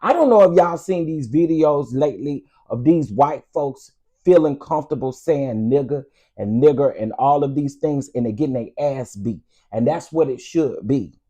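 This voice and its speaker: A man's voice: medium pitch, expressive, normal speed, few pauses, husky. A man hosting an online commentary show, ranting emphatically and sassily. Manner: loud, emphatic, sassy.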